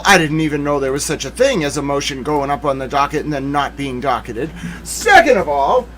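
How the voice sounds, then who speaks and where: A man's voice: a little high, expressive, a little fast, fairly bright tone. A man hosting a live legal commentary stream, ranting with theatrical mock outrage and talking to himself in asides. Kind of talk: livestream commentary.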